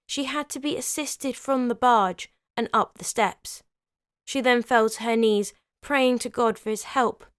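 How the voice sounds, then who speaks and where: A woman's voice: fairly high pitch, smooth, no echo, studio quality. A young woman hosts a history channel, narrating a script and breaking off for wry, opinionated asides. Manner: lively, opinionated storyteller who adds wry comments.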